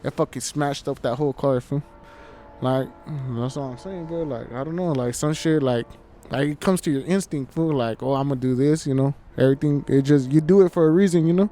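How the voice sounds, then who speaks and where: A man's voice: a little high, a little fast, mellow, a little hiss or hum. A man telling a story in a casual podcast chat, slangy and profane, calling everyone "fool" and piling on restarts. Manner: slangy, swears a lot, says "fool" constantly. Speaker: podcast co-host. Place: outdoors at night. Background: faint train.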